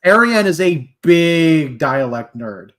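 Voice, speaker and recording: A man's voice: a little high, lively intonation, slow, fairly bright tone. A man hosting a livestream, chatting casually and enthusiastically with nerdy asides. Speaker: stream host.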